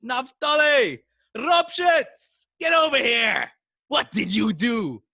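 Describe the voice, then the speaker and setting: A man voicing a stern elderly rebbe who shouts at his student. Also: very high-pitched, animated, takes it slowly, no echo, clean studio sound, pitched above the performer's own voice, exaggerated voice. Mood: angry. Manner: loud and shouting.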